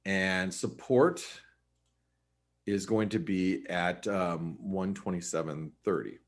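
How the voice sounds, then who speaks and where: A man's voice: deep voice, slow pace. A man giving a casual live webinar on currency charts, chatty and full of restarts. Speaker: forex market analyst.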